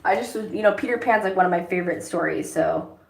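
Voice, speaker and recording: A woman's voice: on the low side, fairly quick, creaky, slight background noise. A woman vlogger chats casually and rambles while doing makeup, swearing often, in an echoey room. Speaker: vlogger, songwriter.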